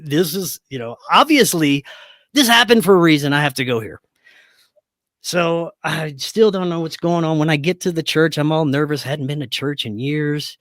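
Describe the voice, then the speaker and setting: A man's voice: mid-range voice, dry recording, studio quality. A man telling a personal story as a podcast guest, acting out the voices of people in it and laughing often. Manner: animated storyteller who acts out dialogue, laughs often. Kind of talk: storytelling in a casual interview.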